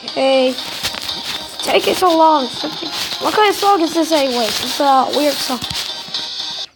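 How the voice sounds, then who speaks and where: Woman, very high voice, excitable chatty gameplay commentary, loud game music underneath. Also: measured pace, poor audio. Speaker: gamer.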